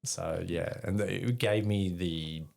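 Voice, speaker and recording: A man's voice: low-pitched, fairly even intonation, takes it slowly, gravelly, darkish tone. An Australian man, a podcast guest, telling rambling, swear-filled stories in casual chat. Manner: swears freely, rambling anecdotes with quoted dialogue. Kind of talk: casual storytelling.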